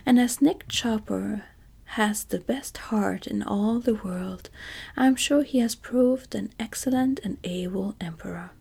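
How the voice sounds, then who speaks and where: Cast: woman voicing earnest storybook scarecrow in whispered role-play, breathy. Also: medium pitch, measured pace, warm tone, full character voice. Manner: earnest, eager. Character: cheerful talkative male scarecrow.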